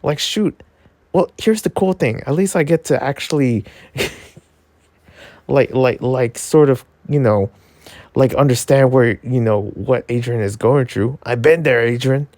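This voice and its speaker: A man giving a casual episode review, excitable and rambling, full of filler words and jokes. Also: a little slow, dry recording. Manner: jokey, yelps into high pitch.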